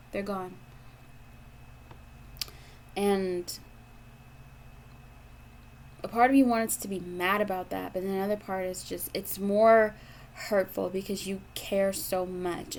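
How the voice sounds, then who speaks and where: A woman's voice: mid-range voice, a little mellow, a little hiss or hum. A woman giving a tarot reading to her audience, talking bluntly and with lots of profanity, repeating her points for emphasis. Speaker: tarot reader.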